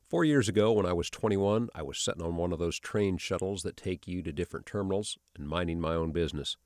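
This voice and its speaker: A man narrating online stories and comments in a steady, even reading delivery. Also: deep voice, quick pace, dry recording, clean studio sound. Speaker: channel narrator.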